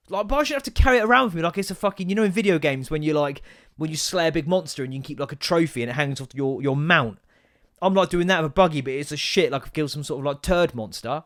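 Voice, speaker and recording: Male comic host, 30s, slightly high voice, sweary, exasperated ranting. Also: expressive, fast, dry recording, clean studio sound. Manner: sweary and exasperated, with sudden loud outbursts. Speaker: podcast host.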